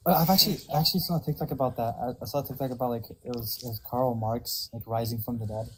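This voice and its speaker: A guest from Canada chatting on a livestream, talking in a rapid, apologetic, chuckling way. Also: mid-range voice, steady tone, a little hiss or hum, rough recording. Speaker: stream guest. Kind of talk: casual group chat.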